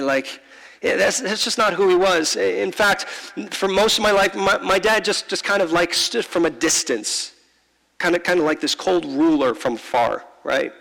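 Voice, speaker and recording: A man preaching to his church in a fairly high, gravelly voice. He tells the story from the heart, stumbling and repeating words as he goes. His voice rings with the long echo of a big church hall. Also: fairly bright tone. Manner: heartfelt, halting, repeats words, slows for emphasis. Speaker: pastor. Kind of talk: sermon storytelling. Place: large church.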